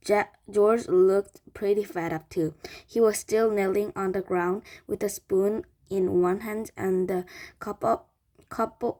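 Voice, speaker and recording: A woman reading a children's book aloud, halting and restarting often. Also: mid-range voice, a little mellow. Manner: slow, halting, with frequent restarts. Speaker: reader.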